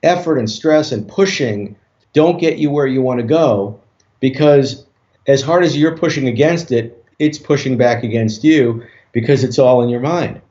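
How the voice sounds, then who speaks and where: A man, a hypnotist guest on an interview show, tells a story in a relaxed way with many fillers and restarts. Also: medium pitch, moderate pace. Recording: dull lo-fi audio.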